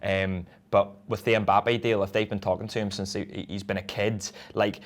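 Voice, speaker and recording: A man talks football in a relaxed, chatty way. His voice sits fairly low, and his sentences run on loosely, broken up by easy laughs. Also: moderate pace. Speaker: podcast co-host. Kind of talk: casual football chat.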